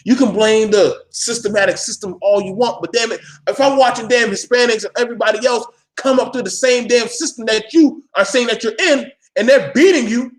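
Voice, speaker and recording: High-voiced man, blunt and profane. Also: a little fast, hardly any pauses. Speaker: vlogger addressing his viewers. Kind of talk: live ranting monologue.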